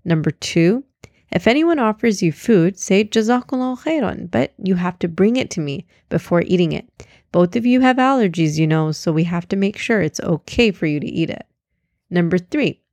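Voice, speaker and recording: A woman's voice: lowish voice, expressive, normal speed, darkish tone, no echo. A woman reading aloud, voicing a loving mother who firmly sets out rules for her children. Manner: firm, instructive, listing rules. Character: careful, loving mother of two.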